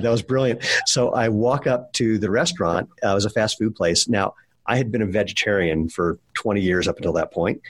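Husky low-voiced man telling a story. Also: quick pace, dry recording. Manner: rambling, animated storyteller with restarts. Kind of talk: casual conversation, storytelling.

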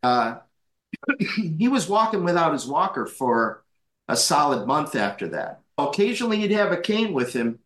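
Animated storyteller man, fairly high voice. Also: normal speed, roomy sound. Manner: animated, laughs often, acts out the voices in his stories. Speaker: guest chiropractor. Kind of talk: anecdotal storytelling.

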